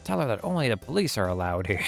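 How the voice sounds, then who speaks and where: A man reading game dialogue aloud, voicing a bumbling, good-natured male police detective in a gruff, blustery way. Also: lowish voice, big pitch swings, fast, faint music behind.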